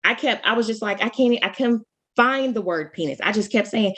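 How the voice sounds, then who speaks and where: A woman co-hosting a podcast, chatting casually and telling stories animatedly, with sudden jumps in pitch and frequent restarts. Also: animated, a bit bright, husky. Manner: talks fast, full of restarts. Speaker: podcast co-host. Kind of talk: casual chat.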